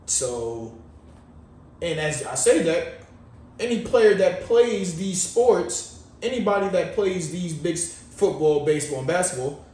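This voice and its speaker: A man's voice: high voice, lively intonation, a little slow, a little mellow, distant mic. A man co-hosting a podcast in casual chat, rambling and slangy in a laid-back way. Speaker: podcast co-host. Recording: echoey room, off-mic, faint noise.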